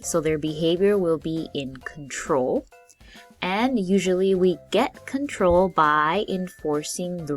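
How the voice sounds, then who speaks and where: A woman with a somewhat low voice gives a vocabulary lesson at a slow, careful pace. She explains each word patiently in simple terms for learners. Faint music runs underneath. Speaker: English vocabulary teacher. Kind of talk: slow, clear classroom explanation.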